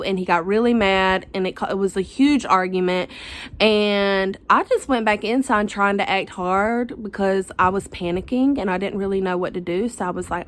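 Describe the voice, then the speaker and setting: A woman's voice: mid-range voice, moderate pace, fairly bright tone. A young woman, telling a personal story to the camera in a chatty, dramatic, slangy way. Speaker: vlogger.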